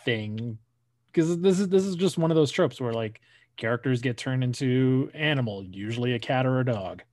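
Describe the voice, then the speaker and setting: A man co-hosting a podcast, chatting with animated, quick asides. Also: mid-range voice, dry recording, clean studio sound. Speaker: podcast co-host. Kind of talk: casual chat.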